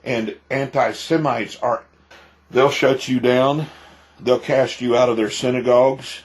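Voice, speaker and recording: A man's voice: medium pitch, steady tone, measured pace. A male pastor giving emphatic preaching commentary, repeating himself and firing off rhetorical questions.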